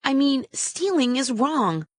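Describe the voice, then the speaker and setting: A woman's voice: sits high, big pitch swings, slow pace, dry recording, pitched above the performer's own voice, full character voice. A woman voicing a rich, snobbish American girl with an American accent, prim and accusing, in a storybook reading. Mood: defensive.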